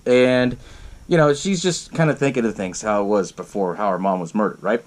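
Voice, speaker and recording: A man's voice: lowish voice, a little fast. A man hosting a podcast, retelling a horror film in a casual, rambling way, swearing often, laughing, and acting out the characters' lines. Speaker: podcast host. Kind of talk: casual movie recap.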